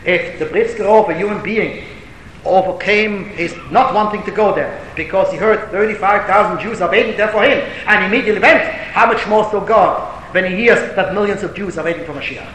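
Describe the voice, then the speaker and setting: High-voiced man lecturing in an echoey hall. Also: fairly quick, fairly bright tone. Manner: storytelling, rising to emphatic declamation; mixes Hebrew and Yiddish terms. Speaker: rabbi answering a question. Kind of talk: Torah lecture. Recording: echoey hall with faint rumble.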